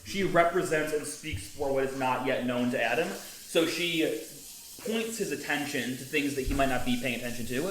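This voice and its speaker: A man's voice: medium pitch, normal speed, a bit bright. A man co-hosting a casual podcast chat, who laughs easily and cracks himself up. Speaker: podcast co-host. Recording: echoey room with faint noise.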